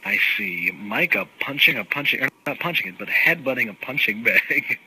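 A man's voice: mid-range voice, animated, normal speed, pushed and bright, husky, poor audio. A young man casually telling a rambling story to a friend, laughing often and swearing. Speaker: podcast co-host. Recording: faint background noise.

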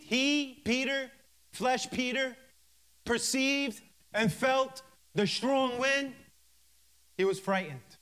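A male minister preaching a sermon, reading scripture verse by verse with emphatic pauses and fervent interjections of hallelujah and praise. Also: very high voice, expressive, a bit bright, smooth.

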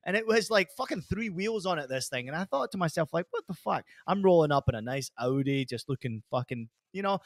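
A man's voice: fairly high pitch, fairly quick, hardly any pauses, no room sound, studio quality. A middle-aged man from Scotland hosting a podcast, telling rambling, profane stories with lots of energy. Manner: animated, swears constantly, rambling storytelling. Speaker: podcast host. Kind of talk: casual profane chat.

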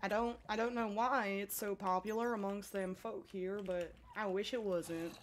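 A folksy, drawling country hick with a put-on Southern accent, as a woman voices him. He talks in homespun rural phrases at a mid pitch. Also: steady tone, normal speed, slight background noise, close to an everyday voice. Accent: put-on American Southern drawl.

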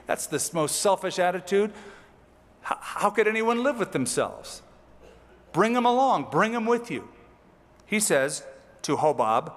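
This pastor's voice sits high, with big pitch swings, a slightly slow delivery, and long pauses. He works verse by verse, reading scripture aloud and then explaining it with casual asides. The sermon is recorded in a hall with long reverb.

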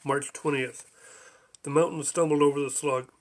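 A man's voice: medium pitch, moderate pace. A man reading his own absurd story aloud, slipping in small voices for its many odd creatures. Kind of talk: audiobook narration.

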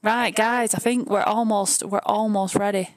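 A woman with a Northern English accent chatting casually and excitedly as co-host of a live stream. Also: mid-range voice, normal speed, dry recording. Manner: chatty and talkative, easily excited.

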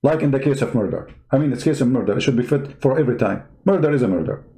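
A man's voice: medium pitch, expressive, fast, dark tone. A man giving mocking, emphatic commentary on video clips as a show host.

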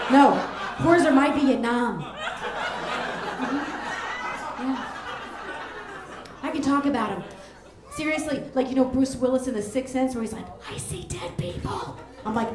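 A high-pitched woman in her forties works a comedy club crowd with a brash, rambling stand-up set, jumping into squeals for effect. Her voice rings through an echoey room with a handheld mic. Laughter from the audience rises around her. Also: noisy background. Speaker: stand-up comic.

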